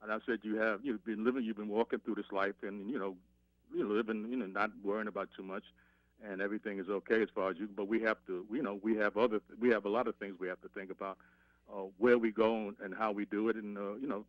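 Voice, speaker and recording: A man calls in to a radio show and speaks quickly, rambling and halting over his words. His voice sits fairly low. The line sounds dull and dry. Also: fairly even intonation, no echo. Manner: rambling, halting, many fillers. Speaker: caller. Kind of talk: phoned-in radio chat.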